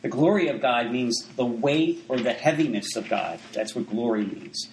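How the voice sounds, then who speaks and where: A man gives a sermon in an easygoing, conversational way, often breaking off into asides and restarting his sentences. His voice sits at an ordinary pitch. The room around him rings with echo. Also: normal speed, slight background noise. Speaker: preacher.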